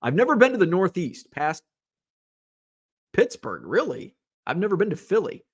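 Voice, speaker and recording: Man from Illinois, podcast host, rambly casual chat, fairly high voice, very animated. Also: moderate pace. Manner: rambling, lots of fillers and asides. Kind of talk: casual live-show chat, reading viewer comments.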